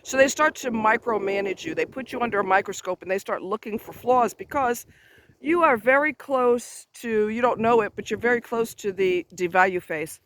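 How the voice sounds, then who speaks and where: A man's voice: sits high, normal speed, fairly bright tone, a little hiss or hum. A man talking straight to camera outdoors near a road, giving advice in an emphatic, blunt, chatty way with offhand asides. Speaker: advice vlogger. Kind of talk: casual advice monologue.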